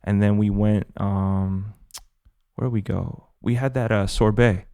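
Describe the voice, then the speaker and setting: A man co-hosting a podcast in relaxed, friendly, rambling chat. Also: fairly low pitch, measured pace, vocal fry, clean tone, no room sound, clean studio sound. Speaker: podcast co-host. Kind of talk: casual chat.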